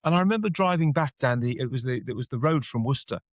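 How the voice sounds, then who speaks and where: A man co-hosting a podcast, telling a personal story in a lively way and acting out the voices in it. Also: mid-range voice, quick pace, no room sound, clean studio sound. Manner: animated storyteller, acts out quotes. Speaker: podcast co-host. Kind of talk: casual storytelling chat.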